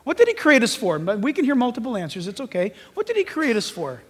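A man's voice: very high-pitched, fast, husky, long reverb tail. A pastor preaching a sermon to his church, telling stories and acting out voices along the way. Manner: animated storytelling, acting out voices.

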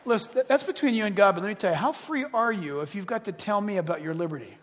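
Animated high-voiced preacher in a hall. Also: male voice, quick pace, a faint crowd. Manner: animated, joking, acts out voices of people. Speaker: pastor. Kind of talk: sermon.

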